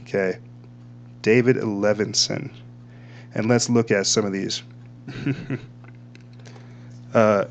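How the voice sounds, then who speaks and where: A rambling male host with a somewhat low voice talks casually and often trips over his own words. A faint electrical hum sits under the recording. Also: fairly even intonation, unhurried, vocal fry, long pauses. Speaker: podcast host. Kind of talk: casual commentary reading from screen.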